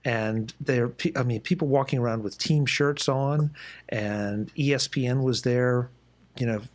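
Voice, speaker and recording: A man from the East Coast of the United States hosting a casual interview on a video call, relaxed and chatty as he tells a story. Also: mid-range voice, unhurried. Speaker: podcast host.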